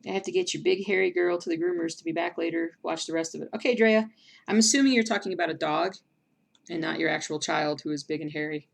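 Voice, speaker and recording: A woman hosting a casual livestream chat, reading viewer comments aloud between bursts of excitement. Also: fairly low pitch, quick pace, creaky. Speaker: stream host.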